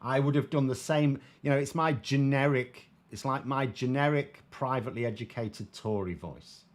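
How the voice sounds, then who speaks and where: A British man talks through political questions from viewers in a relaxed, chatty commentary. His delivery is wry and sardonic, and he trails off into frequent ums and restarts. His voice sits at an ordinary middle pitch. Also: normal speed. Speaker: political commentator, show host.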